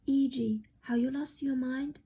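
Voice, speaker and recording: A woman reading a novel aloud, voicing a young woman who pleads and scolds sharply, with a husky, gravelly voice. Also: high voice, steady tone, measured pace, mellow, exaggerated voice. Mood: scolding.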